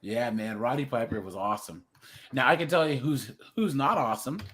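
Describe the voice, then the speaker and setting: A man hosting a casual livestream chat, animated, laughing often and greeting viewers by name. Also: medium pitch, brisk, a little hiss or hum. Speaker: livestream host.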